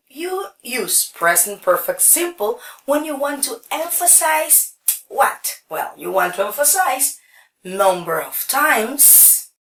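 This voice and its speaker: Her voice is high, creaky and a bit bright as she takes students through English grammar one slow step at a time. She keeps checking in with frequent "okays." There's a roomy echo, and she sits at a distance from the microphone.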